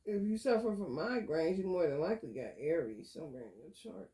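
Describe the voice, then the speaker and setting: A woman, giving a blunt, profane spiritual vlog reading with loud outbursts. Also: on the low side, expressive, fairly quick, slightly rough. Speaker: spiritual content creator.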